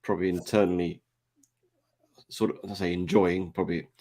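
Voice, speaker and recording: A man's voice: sits low, little pitch movement, normal speed, dark tone. A man hosting a podcast interview, asking questions in a hesitant way and often repeating his first words. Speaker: podcast host. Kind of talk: casual interview.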